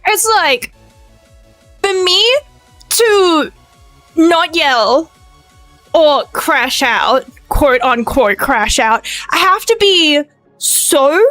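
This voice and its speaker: Excitable high-voiced woman streamer. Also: no echo. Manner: excitable, loud and fast, lots of pitch swings. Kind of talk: casual chat stream.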